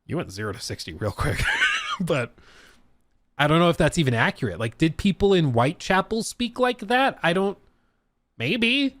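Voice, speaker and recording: A man chats loosely through a live stream, his pitch bouncing high and low as he rambles and trips over his own words. The sound is dry and close, with no room around it. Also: a bit bright, dry recording. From United States. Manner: chatty, rambling, frequent laughs and self-corrections. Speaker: streamer reacting to a video. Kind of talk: casual live-stream commentary.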